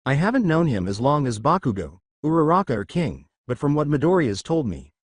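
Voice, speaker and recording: A man voicing a calm teenage boy hero explaining matters in a matter-of-fact way, read as part of a storybook. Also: on the high side, a little fast.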